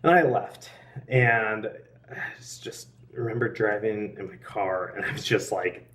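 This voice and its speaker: A man's voice: fairly low pitch, a little slow, a bit bright, recorded from a distance. A young man telling a personal faith story in a casual, earnest way, with frequent laughs and restarts. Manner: earnest, laughs often, many fillers and restarts. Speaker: interviewee.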